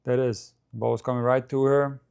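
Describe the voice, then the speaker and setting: A man doing relaxed live commentary for a stream. His voice sits at an ordinary middle pitch. He chats and thinks aloud, and talks straight to his viewers. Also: brisk, creaky, clean tone. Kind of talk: casual live match commentary.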